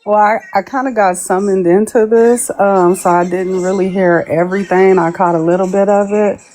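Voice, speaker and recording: A woman's voice: medium pitch, steady tone, normal speed, dark tone, slight background noise. A woman, a guest on a live stream, telling a long story in a chatty way and acting out what people said. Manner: chatty, laughs while telling, acts out quoted people. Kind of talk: casual storytelling.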